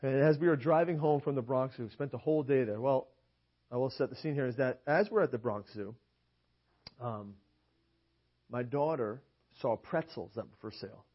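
Speaking in a mid-range voice at a moderate pace with frequent pauses, a young to middle-aged man delivers an emphatic sermon. He reads from scripture, often checks in with his congregation, and rhetorically keeps asking "right?" The audio, captured in a church meeting hall, sounds dull and lo-fi.

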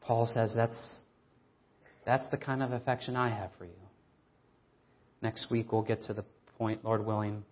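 A male preacher delivers an earnest, emphatic sermon, leaning on rhetorical questions. He slows right down to stress the verses he reads. The recording sounds a little dull and lo-fi, as if taped in church. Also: lowish voice, fairly even intonation.

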